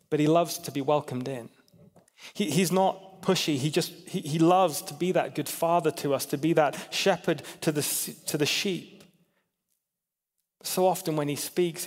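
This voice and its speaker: Brit preacher, fairly high voice, chatty, laughs a lot, long hall echo. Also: male voice. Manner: chatty, laughs often, drops to a hush for quiet points. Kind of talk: informal sermon.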